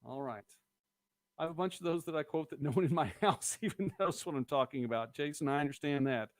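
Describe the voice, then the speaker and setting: A middle-aged man hosts a casual local live-stream show, rambling and chatting while reading viewer comments aloud and quoting movie lines. He talks fairly quickly in a slightly high voice, with no room sound.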